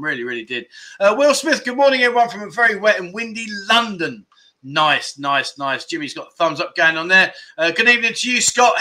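A man's voice: high-pitched, bright, forceful tone. A man hosting a casual livestream, chatting and joking as he greets viewers by name and reads out their comments. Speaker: livestream host. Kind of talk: casual live chat, reading viewer comments.

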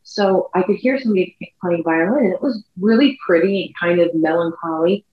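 A woman with a fairly low voice tells a personal story in a loose, chatty way, speeding up and slowing down as she goes. The recording sounds dull and lo-fi, with a roomy echo around her. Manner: chatty, rambling, speeds up and slows down. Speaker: podcast co-host. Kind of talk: casual storytelling chat. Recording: echoey room, dull lo-fi sound.

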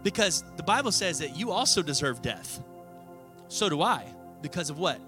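Animated high-voiced preacher, bright tone. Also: male voice, moderate pace, soft background music. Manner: animated storytelling, acting out voices; conversational, with frequent "right?". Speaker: pastor. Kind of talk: sermon.

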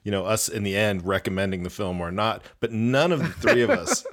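A man's voice: lowish voice, big pitch swings, fairly quick, a bit bright. A man co-hosting a casual podcast, joking and dryly self-mocking. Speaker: podcast co-host, faculty member.

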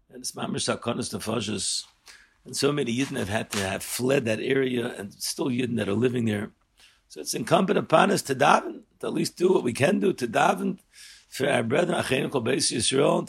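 An older man giving an earnest Torah lesson, rising sharply in pitch and volume when he stresses a point. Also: gravelly, slightly rough. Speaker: rabbi teaching a Torah class.

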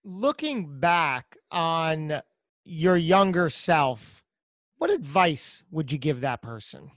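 Male podcast host, slow deliberate delivery, dry close sound. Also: a little high, lively intonation, no room sound. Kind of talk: interview questions.

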